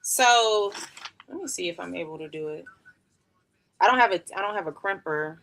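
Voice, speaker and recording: Chatty bright-voiced woman livestreamer. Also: lowish voice, lively intonation, normal speed, creaky. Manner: rambling, chatty, slangy, laughs often. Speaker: beauty livestreamer. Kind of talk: casual live-stream chat during a wig tutorial.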